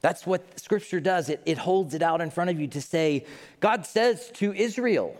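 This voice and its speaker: Animated male pastor in a reverberant hall. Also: high-pitched, normal speed. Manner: conversational and animated, acting out quotes. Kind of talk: sermon.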